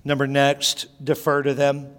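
A man's voice: medium pitch, completely flat delivery, measured pace, smooth. A middle-aged man preaching a sermon as a pastor, telling stories with frequent restarts. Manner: storytelling with repeated restarts. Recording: long hall reverb.

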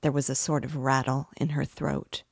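A woman hosting a book reading, narrating a classic novel aloud in a measured, unhurried way. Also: rumbling low, level tone, gravelly, darkish tone, husky, no room sound, clean studio sound. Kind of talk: audiobook-style reading.

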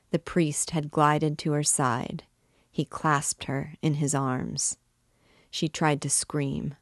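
A woman reads a classic novel aloud in a measured, expressive way. Her voice sits low and she takes her time over each phrase. The recording is close and dry, with no room sound. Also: no room sound. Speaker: book reader and guide.

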